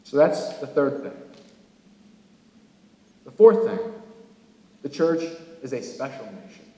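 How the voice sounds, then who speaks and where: A man from California preaching a sermon as pastor, animated, with sudden emphatic rises. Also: medium pitch, slow. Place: church sanctuary. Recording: echoey church hall.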